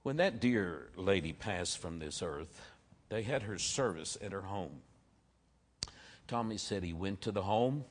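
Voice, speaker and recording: A middle-aged man delivering a sermon, with a somewhat low voice. He tells stories earnestly, dropping to quiet asides and then rising loud on the points he wants to stress. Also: expressive, unhurried. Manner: storytelling preacher, earnest, varies loudness for emphasis. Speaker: pastor.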